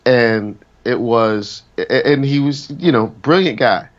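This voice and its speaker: A man's voice: mid-range voice, slow pace. Rambling male singer, lo-fi sound. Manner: rambling, many restarts and fillers. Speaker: singer, interview guest. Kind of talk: casual interview chat.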